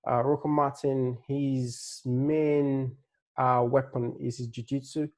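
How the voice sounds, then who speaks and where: A relaxed man with a slight Nigerian-tinged accent talks through fight picks in a loose, rambling way. His voice is gravelly and low-key, and his pitch stays fairly flat as he hunts for words between fillers. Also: slow. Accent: Nigerian-tinged English. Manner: laid-back, rambling, many fillers and restarts. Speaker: MMA fight analyst. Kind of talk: casual fight-prediction breakdown.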